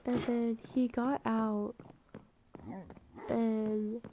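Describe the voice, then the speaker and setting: A young woman rambling through a personal story, full of filler words, sometimes dropping to a soft whisper. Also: a little high, little pitch movement, extremely slow, a little hiss or hum, poor audio. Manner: drops to soft whispers at times. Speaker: gaming vlogger. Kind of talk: storytime while playing a game.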